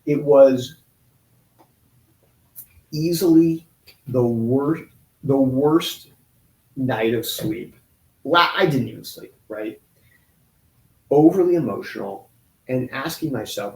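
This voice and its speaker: A man in his forties telling a painful personal story in an interview, halting and restarting often. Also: medium pitch. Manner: halting, with many restarts and pauses. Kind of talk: emotional personal account in an interview. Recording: roomy echo.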